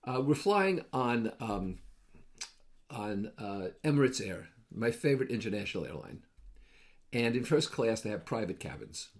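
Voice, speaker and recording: A man's voice: lowish voice, sing-song, normal speed. A man hosting a short advice video, telling casual anecdotes with wry, joking asides. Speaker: host of a daily advice video series.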